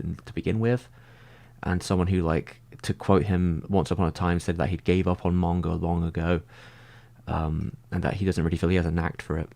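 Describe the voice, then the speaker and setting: A man in a casual livestream, answering viewer comments and thinking out loud, filling his talk with "like" and frequent restarts. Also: low voice, gravelly. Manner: rambling, heavy use of "like".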